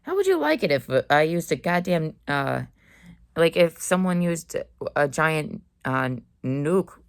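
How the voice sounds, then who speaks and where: A woman's voice: low voice, big pitch swings, measured pace, creaky, clear, resonant tone, dry recording, studio quality. A young woman in a dorm room talking casually into the camera, rambling in a slangy, blunt way. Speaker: vlogger. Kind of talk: casual monologue.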